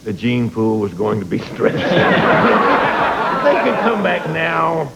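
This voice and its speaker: A middle-aged male comedian with a high, very gravelly voice, delivering sarcastic, punchy jokes. He swings his pitch widely as he builds each joke. A studio audience laughs over a noisy television recording. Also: big pitch swings, slow, a loud crowd. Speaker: stand-up comedian and guest. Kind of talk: stand-up monologue and talk-show banter.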